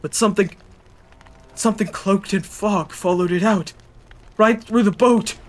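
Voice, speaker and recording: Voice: mid-range voice, unhurried, lightly acted. A streamer reading game dialogue aloud, voicing a distraught old man who was once a mayor, pleading and rambling. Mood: haunted.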